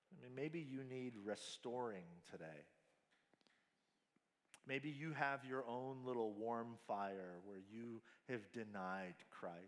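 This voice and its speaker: A man preaching a sermon at a family camp, slow and emphatic, mixing scripture with casual slang. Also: fairly low pitch. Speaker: pastor. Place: large hall at a family camp. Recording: hall reverb.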